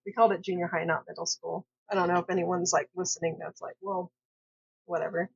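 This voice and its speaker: A woman's voice: fairly low pitch, level tone, fast talker, creaky, breathy edge. A woman from Southern California telling a personal story in a casual, rambling way, hesitant and full of fillers and self-corrections. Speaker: vlogger. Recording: dull lo-fi recording.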